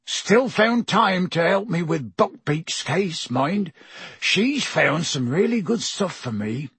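A male narrator voicing a huge, gruff but kindly gamekeeper who talks in a rough, homely way. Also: high-pitched, lively intonation, slow, fairly bright tone, no room sound, pitched above the performer's own voice, full character voice. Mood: chiding.

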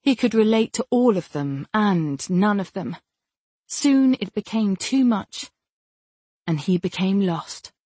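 A woman narrating an audiobook in a measured, steady reading style. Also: medium pitch, breathy edge, no room sound. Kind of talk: scripted narration.

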